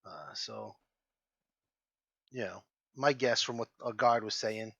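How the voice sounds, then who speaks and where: A man's voice: fairly low pitch, slow, creaky, bright, forceful tone, breathy edge, no room sound. A man playing a tabletop role-playing game, talking in character and reasoning aloud in a thoughtful way. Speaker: player.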